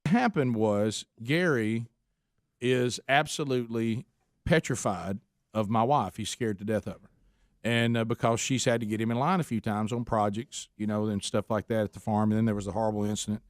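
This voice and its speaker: A man's voice: on the low side, moderate pace, no echo, clean studio sound. A man hosting a radio talk show, telling a long story in a casual, folksy way. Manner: animated storyteller, folksy Southern phrasing, puts on a friend's voice in quotes.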